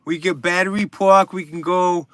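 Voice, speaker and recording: A man putting on a deliberately bad New York accent, playing a loud local showing off the city. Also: high voice, steady tone, clear, resonant tone, no echo. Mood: boastful. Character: loud New York tour guide guy.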